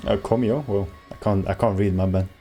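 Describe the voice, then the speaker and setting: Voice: sits low, fairly even intonation, a little fast, dark tone, faint music behind. A game streamer chatting casually and playfully, thanking viewers during a live stream.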